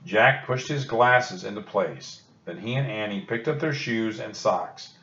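A man with a lowish voice reads a children's book aloud in a calm, steady way. The recording is roomy and echoey, with a dull, lo-fi tone. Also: measured pace, a little hiss or hum. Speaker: storybook reader.

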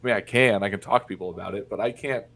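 Speaking rapid-fire in a fairly low, slightly bright voice, a young man from Indiana tells a personal story as a podcast guest. He's candid and blunt, swearing freely in casual conversation. There's a little background noise in the clip.

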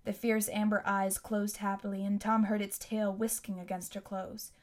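Reading from a novel, this audiobook narrator keeps her delivery steady and even. She speaks at a moderate pace with a mid-range voice, following a script.

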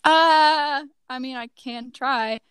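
A young woman talks as a podcast guest, rambling through her answers with plenty of fillers and giggles. Her voice is smooth and sits fairly high. The recording is dry and close. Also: takes it slowly, a bit bright, no echo. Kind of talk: casual podcast chat.

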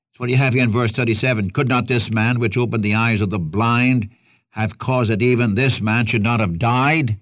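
A man's voice: mid-range voice, moderate pace, dry recording, studio quality. A man preaching a sermon in an earnest, folksy way, asking rhetorical questions and speaking straight to his listeners as a Bible teacher.

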